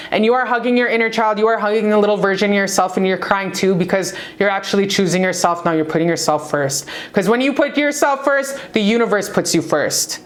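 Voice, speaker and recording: Woman, slightly high voice, tarot reader, casual to camera, emphatic, swearing, hyped pep talk. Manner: emphatic, profane, pep-talk delivery with swings in pitch. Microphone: talking to camera.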